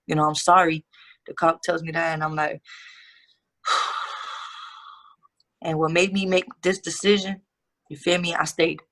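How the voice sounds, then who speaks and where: Gravelly-voiced woman telling a hard story. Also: on the low side, flat delivery, moderate pace, long pauses, a bit bright. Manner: candid, profane, street slang. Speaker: guest. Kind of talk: casual storytelling interview.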